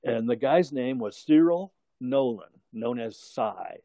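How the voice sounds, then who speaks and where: A man's voice: mid-range voice, lively intonation, takes it slowly, gravelly, dark tone, dry recording. An older man telling a long story in casual conversation, rambling, chuckling and correcting himself as he goes.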